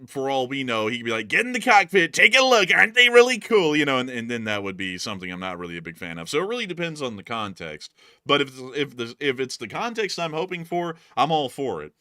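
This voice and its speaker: A man's voice: medium pitch, pushed and bright, no echo, studio quality. A man hosting a casual news livestream, joking and talking loosely with fillers. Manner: joking, puts on funny voices, fillers. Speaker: host of a war news livestream. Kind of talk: casual news commentary with jokes.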